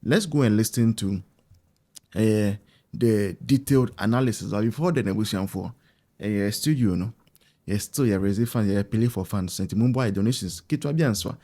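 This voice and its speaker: A man's voice: fairly low pitch, normal speed, mellow. A man with a Ghanaian English accent hosting an online political show, talking rhetorically and slipping in Twi phrases. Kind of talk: political commentary to camera.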